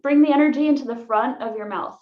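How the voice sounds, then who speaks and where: Woman, voice coach, casual and giggly, higher voice; echoey room, muffled online audio. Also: quick pace. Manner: chatty, laughs easily, many "like" fillers. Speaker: voice workshop leader.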